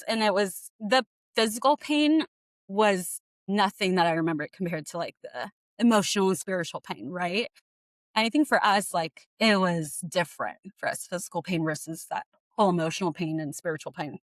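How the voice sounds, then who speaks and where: A woman co-hosting a podcast, telling a painful personal story in a tearful, fast, rambling way with lots of "like". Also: medium pitch, fairly bright tone, no room sound. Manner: tearful, fast, says like a lot. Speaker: podcast co-host sharing her story.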